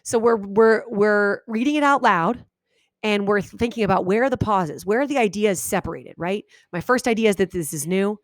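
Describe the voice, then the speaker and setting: A woman teacher giving a video lesson to her students, talking animatedly and reading example sentences aloud with big exaggerated pauses. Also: mid-range voice, no echo, studio quality. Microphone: webcam microphone.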